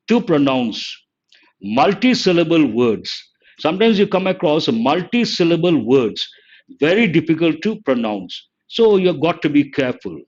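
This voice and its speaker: Older man teaching a dull online lesson. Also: on the high side. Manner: deliberate, explains and repeats words, scolds chat. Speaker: English teacher. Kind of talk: live online exam-prep lesson. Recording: dull lo-fi stream audio.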